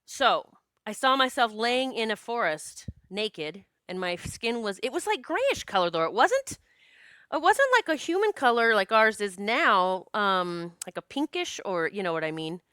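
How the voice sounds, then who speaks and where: A woman psychic-medium host tells a personal story in a chatty, earnest way, often quoting her own thoughts. Her voice is smooth and clear, with a mid pitch. The recording is close and dry, with no room sound. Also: a little slow, dry recording. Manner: animated, chatty, frequent restarts and quoted self-talk; spiritual, earnest.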